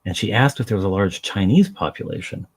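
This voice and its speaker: A man's voice: lowish voice, lively intonation, fast talker, slightly rough. A man chatting casually on a live stream while he paints miniatures, rambling, self-deprecating and talking to his dog.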